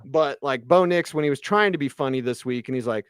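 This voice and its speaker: A man hosting a postgame sports radio show, ranting with animated exasperation and sarcastic asides. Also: mid-range voice, fairly quick, clean tone, no echo, studio quality. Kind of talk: postgame sports talk monologue.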